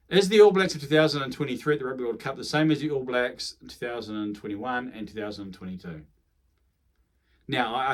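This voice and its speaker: A man's voice: mid-range voice, fairly bright tone. A man with a New Zealand accent giving a casual, rambling rugby match preview, correcting himself and adding chatty asides. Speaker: rugby commentator.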